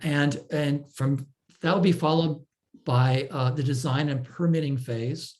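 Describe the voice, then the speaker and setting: A man presenting a technical talk, explaining step by step in a measured way with frequent fillers and restarts. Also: on the high side, fairly even intonation, darkish tone. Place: online talk.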